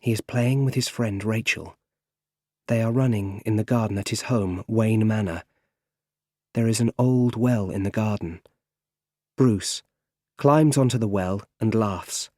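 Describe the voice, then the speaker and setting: Slow, plain-spoken male storyteller. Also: lowish voice, dark tone, no echo, studio quality. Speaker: audiobook narrator. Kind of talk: scripted audiobook narration.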